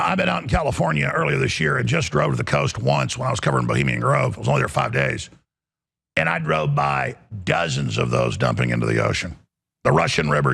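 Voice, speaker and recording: A talk show host, a man, ranting in an angry, blunt and crude way with a gravelly, raspy voice. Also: a little high, a bit bright. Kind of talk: heated political talk rant.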